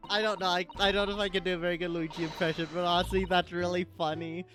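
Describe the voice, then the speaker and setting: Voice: medium pitch, level tone, quick pace, a bit bright, soft background music. A streamer thinking aloud during a live game, rambling and self-mocking between lines. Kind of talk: live game commentary and reading.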